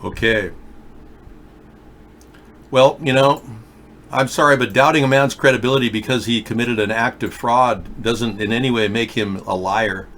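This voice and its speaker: A man's voice: mid-range voice, normal speed, long pauses, a bit bright, slight background noise. A man hosting a live call-in talk show, rambling and conspiratorial as he talks to callers. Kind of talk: rambling live-stream commentary.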